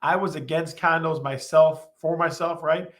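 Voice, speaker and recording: A man hosting a live-streamed real estate show, talking with a lot of energy. His voice sits a bit high, and he keeps repeating his questions to the chat. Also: fairly even intonation, normal speed, a bit bright.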